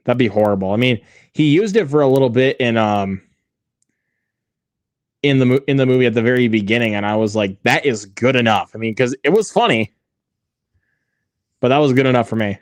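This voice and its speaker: A man's voice: medium pitch, lively intonation, fairly quick, long pauses, clear, resonant tone, no echo, studio quality. A man hosting a movie watch-along, chatting casually with many fillers and restarts.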